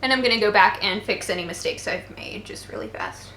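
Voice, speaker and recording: A woman's voice: mid-range voice, brisk, sharp tone. A young woman in her twenties, tired from poor sleep, talks through a makeup tutorial in a chatty, playful way with joking asides. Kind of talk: casual makeup tutorial narration. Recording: roomy echo, faint background noise. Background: faint voices of people outside.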